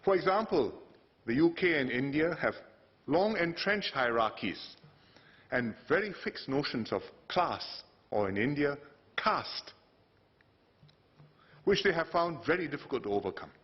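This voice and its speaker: Man giving a measured parliamentary speech. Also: on the high side, very animated. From Singapore. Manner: measured, delivered in short phrases with emphatic rises. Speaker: politician addressing parliament. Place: parliament chamber. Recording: dull broadcast audio.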